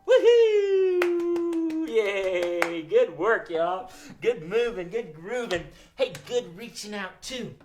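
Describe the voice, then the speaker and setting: A woman hosting a children's show, speaking gently and encouraging the kids watching. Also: medium pitch, takes it slowly, music in the background. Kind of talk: casual children's show, singing and chatting.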